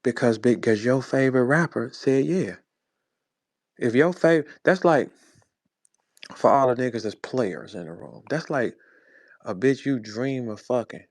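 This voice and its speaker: A rapper in his forties, hailing from St. Louis, USA, speaks at normal speed in a mid-range voice with no room sound. On a phone in an online audio room, he launches into a heated, confrontational, profane rant.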